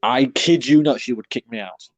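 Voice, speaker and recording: A man's voice: mid-range voice, moderate pace, muffled recording. A British man co-hosting a casual online podcast, talking bluntly and rambling with British slang. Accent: British English. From Britain. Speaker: podcast co-host. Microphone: online call.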